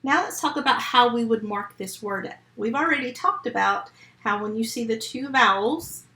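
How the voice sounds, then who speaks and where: A woman's voice: fairly high pitch, expressive, sharp tone, roomy sound, poor audio. A woman teaching a remote phonics lesson to first graders, walking through each sound and word step by step with patience. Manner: slow, patient step-by-step instruction.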